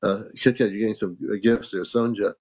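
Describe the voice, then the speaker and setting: A man's voice: fairly low pitch, fairly even intonation, fairly quick, darkish tone, muffled recording. A man hosting a casual livestream from home, reading out viewer comments and thanking people for gifts. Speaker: livestream host.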